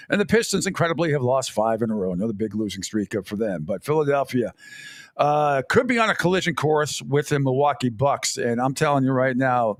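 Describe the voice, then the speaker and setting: A middle-aged man hosting sports talk radio, telling stories in a rambling, animated way and laughing often. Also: mid-range voice, no echo, studio quality.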